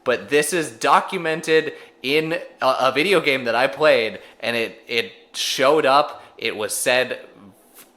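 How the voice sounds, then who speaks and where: A man's voice: medium pitch, measured pace, pushed and bright. Wry man recapping on a podcast. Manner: wry, self-deprecating, recaps plot. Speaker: podcast co-host. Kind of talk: casual chat.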